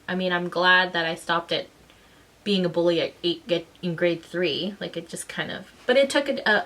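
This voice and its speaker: A mother and vlogger in a casual storytelling vlog, talking in an animated way and acting out the voices of people in her story. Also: fairly low pitch, low-quality recording. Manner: animated, acts out quoted voices.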